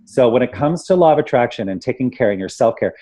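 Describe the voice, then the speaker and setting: A man's voice: medium pitch, lively intonation, fast talker, warm tone. A man from Canada co-hosting a spiritual webinar, talking earnestly and eagerly sharing quotes. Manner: earnest, enthusiastic, shares quotes. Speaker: webinar co-host. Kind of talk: casual spiritual discussion.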